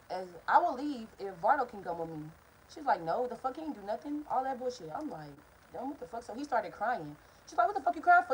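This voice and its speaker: A young woman talks straight to her viewers in a casual storytime vlog. Her voice sits a little high and slightly husky. She is candid and heated, and she swears freely. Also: low-quality recording. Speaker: vlogger. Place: hot apartment room, indoors.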